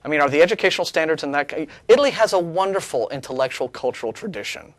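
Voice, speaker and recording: A man co-hosting a call-in talk show chats casually, sarcastic and rambling, restarting his sentences many times. His voice is fairly high and animated, he talks at a racing pace, and there's no room sound.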